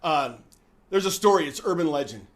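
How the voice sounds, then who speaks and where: A man hosting a relaxed chat with his wife, a former pastor who tells stories in a folksy, animated way with plenty of fillers. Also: fairly high pitch, a little fast. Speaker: host. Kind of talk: casual chat with joke telling.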